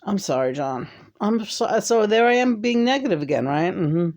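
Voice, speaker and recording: A woman vlogger rambles in casual chat. She talks in a medium-pitched voice, doubting herself out loud and cursing freely as she goes. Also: big pitch swings, moderate pace. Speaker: vlogger speaking with spirits.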